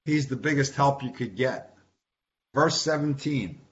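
Speaking a little slowly in a medium pitch, a man guides an informal Bible study. He keeps it conversational, often repeating words and quizzing the group, and the lo-fi recording is dull with a faint hiss.

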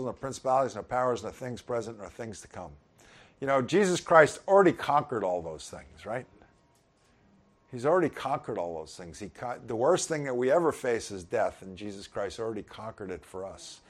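A middle-aged man giving an informal sermon, conversational with chuckling asides. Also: on the low side. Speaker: pastor.

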